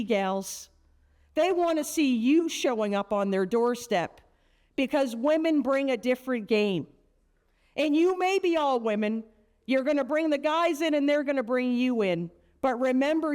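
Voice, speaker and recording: Brash high-voiced woman speaker. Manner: brash, joking, punchy storyteller. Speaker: motivational keynote speaker. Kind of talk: energetic motivational speech to teenage girls.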